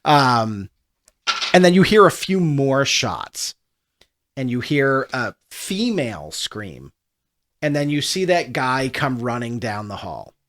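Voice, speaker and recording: A man's voice: medium pitch, very animated, slow, fairly bright tone. A man narrating as game master of a tabletop role-playing game, loose and full of fillers.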